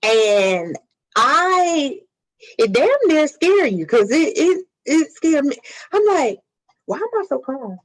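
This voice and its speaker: A woman co-hosting a candid talk podcast, her voice a touch high and swinging widely in pitch. She speaks slowly and from the heart, drawing out her words. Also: big pitch swings, rough recording. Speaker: podcast co-host. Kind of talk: casual candid chat.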